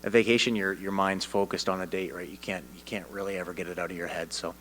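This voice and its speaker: Low-voiced, confident Canadian fighter. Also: male voice, fast, slight background noise, poor audio. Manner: confident, animated storytelling with repeated restarts. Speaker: MMA fighter at media day. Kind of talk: press interview answers. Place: media day press room.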